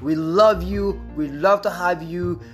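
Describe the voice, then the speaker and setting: Upbeat male podcast host, higher voice. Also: slow, a bit bright, faint music behind. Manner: repetitive, restarts often, acts out quoted voices. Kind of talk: casual motivational podcast talk.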